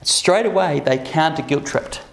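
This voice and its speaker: A man gives a relaxed, chatty workshop talk to a live group in a fairly high, gravelly voice, checking in often with quick "okay?" and "right?" tags. The room sounds roomy and echoey, with faint music underneath.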